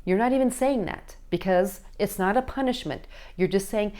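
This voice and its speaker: This parenting coach talks to the camera at a moderate pace with few pauses, her mid-range voice dark in tone. She keeps asking "okay?" to check in and performs the voices of the people she quotes.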